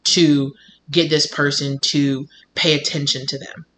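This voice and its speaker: A man reads tarot at home in an animated, chatty way, often slipping into the voices of the people he describes. His voice sits a little high and rings bright and forceful. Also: measured pace, a little hiss or hum, poor audio. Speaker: tarot reader. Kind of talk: casual intuitive tarot reading to camera.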